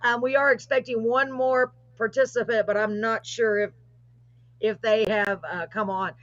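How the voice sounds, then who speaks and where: A woman's voice: a little high, flat delivery, normal speed, a bit bright, no room sound, dull audio. Chatty woman hosting over a video call. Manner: chatty, apologetic, gushing. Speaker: host. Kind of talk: live call-in show chat.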